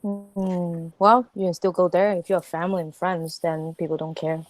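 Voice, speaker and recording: A woman's voice: fairly low pitch, level tone, normal speed, dry recording. Blunt woman, dry voice. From Hong Kong. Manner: blunt, teasing, laughs often. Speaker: panelist. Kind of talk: casual chat.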